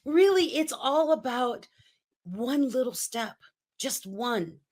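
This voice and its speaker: A woman's voice: fairly high pitch, lively intonation, takes it slowly, a little mellow. A woman in her fifties, a guest speaking coach, talking in punchy, emphatic motivational bursts. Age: 50s. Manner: emphatic, punchy short phrases. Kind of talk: energetic motivational interview talk.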